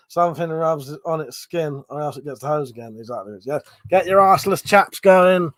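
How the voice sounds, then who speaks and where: A man's voice: fairly high pitch, moderate pace, a bit bright. A man with a cold, sniffling and coughing, hosting a casual live stream where he reads out viewer comments, swearing and laughing often.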